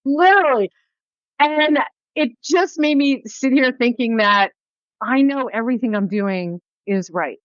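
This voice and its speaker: Woman podcast host rambling and swearing, kinda high voice, dull lo-fi audio. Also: measured pace, dry recording. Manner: animated, rambling, swears casually. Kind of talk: casual podcast interview.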